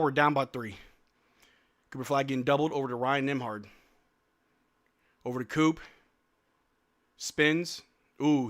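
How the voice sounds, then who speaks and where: A man hosting a live stream watch-along, giving excitable play-by-play of the game with slang and calling out to his chat from an indoor room. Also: on the high side.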